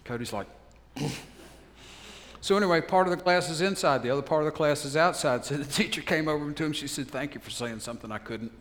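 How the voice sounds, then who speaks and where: A man's voice: fairly high pitch, a bit bright, slight background noise. Older preacher man in a reverberant hall. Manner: storytelling preacher, shifts into slow, earnest prayer. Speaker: pastor. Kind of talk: sermon and pastoral prayer.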